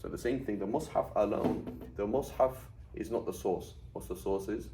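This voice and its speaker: A man's voice: on the low side, normal speed, music in the background, rough recording. A man teaching a class in a conversational lecture style, often putting questions to his students. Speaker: Arabic teacher.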